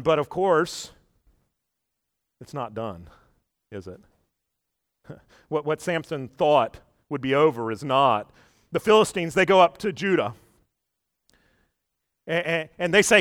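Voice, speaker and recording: A man preaching a sermon, telling the story with lively shifts between loud quoted lines and quiet asides, and often asking his listeners questions. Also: mid-range voice, dry recording, studio quality.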